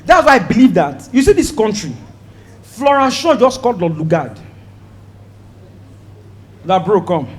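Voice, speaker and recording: A man with a Nigerian accent doing a stand-up comedy set, loud and animated, acting out voices and shouting his punchlines. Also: high-pitched, a little slow, long pauses, breathy edge. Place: stage before a live audience.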